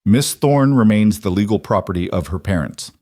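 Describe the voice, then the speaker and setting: A man's voice: lowish voice, lively intonation, moderate pace, darkish tone, no echo, clean studio sound. A man voicing a pompous, scheming, portly judge in a spoken frontier story. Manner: pompous, oily. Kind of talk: storybook character reading.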